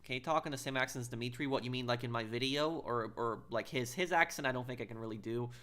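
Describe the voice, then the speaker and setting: A man's voice: mid-range voice, a bit bright. A man live-streaming a game, chatting casually and thanking viewers, often stumbling and restarting his sentences. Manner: chatty, halting, restarts while reading chat.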